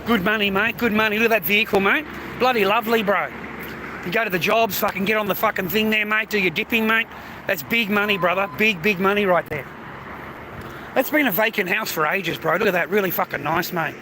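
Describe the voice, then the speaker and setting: Phone in hand, a man broadcasts live while walking along a city street, speaking fairly quickly in a high voice. He rambles in a blunt, profane way, and faint street noise can be heard.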